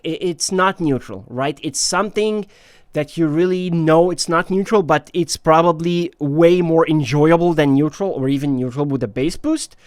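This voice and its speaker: A man's voice: on the high side, no room sound, studio quality. A man hosting his own channel, giving a casual and enthusiastic spoken review with frequent hesitations and fillers. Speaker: headphone reviewer, channel host. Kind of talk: casual product review talk.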